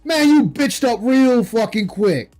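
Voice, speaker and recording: A man streaming late at night, ranting with heavy profanity and scorn, breaking into shouts. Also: extremely high pitch, lively intonation, a little slow, faint music behind. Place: home streaming setup.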